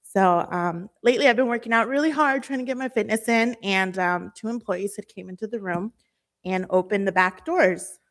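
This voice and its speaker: A young woman with a Southern Californian accent giving a nervous, emotional public comment at a city meeting, halting and full of fillers. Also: medium pitch.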